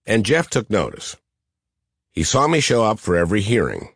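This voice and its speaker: A middle-aged man with a nasal Midwestern twang and a low, deep voice narrates his memoir as an audiobook. His delivery is dry and deadpan. The sound is close and dead, with no room echo. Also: normal speed, breathy edge. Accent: Midwestern American. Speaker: senator reading his own memoir.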